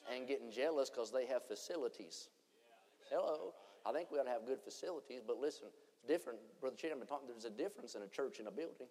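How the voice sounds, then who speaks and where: A man preaching a revival sermon, swinging between shouted lines and hushed ones. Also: mid-range voice, animated, fast. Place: church conference hall. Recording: long church hall reverb.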